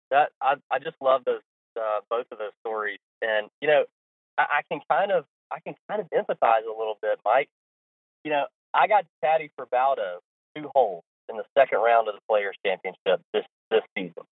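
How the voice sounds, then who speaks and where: A man's voice: medium pitch, moderate pace, no echo. Podcast host guy chatting, keeps restarting sentences, dry tinny phone sound. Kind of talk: casual chat.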